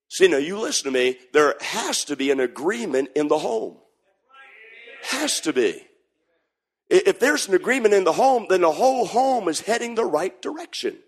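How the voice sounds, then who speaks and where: A man preaching a sermon, shouting in sing-song bursts and then dropping to a hush. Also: high voice, animated, moderate pace.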